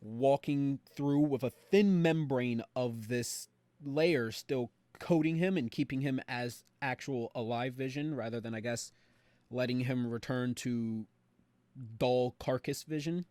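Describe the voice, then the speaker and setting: A young man on a podcast, animatedly retelling a show with quick voiced quotes. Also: mid-range voice, darkish tone, no echo. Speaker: podcast co-host. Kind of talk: casual recap chat.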